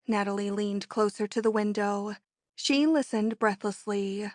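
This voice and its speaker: A woman narrating a classic romance novel as an audiobook in a measured storytelling manner. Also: medium pitch, darkish tone, dry recording, studio quality. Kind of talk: scripted narration.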